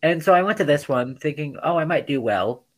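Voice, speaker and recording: A young man co-hosts a podcast, his voice slightly high and his pace a bit quick. In casual conversation he tells stories with animated indignation, mimicking people in sarcastic voices.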